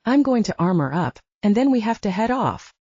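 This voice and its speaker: A woman's voice: mid-range voice, big pitch swings, brisk, dark tone, husky, no echo, lo-fi sound, voice pushed up. A woman voicing a tired young American man on a quest in an audiobook, speaking his lines in an easygoing, lifted voice. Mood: resigned.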